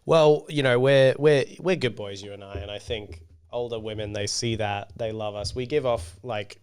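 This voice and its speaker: A man's voice: on the low side, moderate pace, darkish tone, clear, resonant tone. A young man co-hosting a podcast in casual, playful chat with mock-announcer asides. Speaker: podcast co-host.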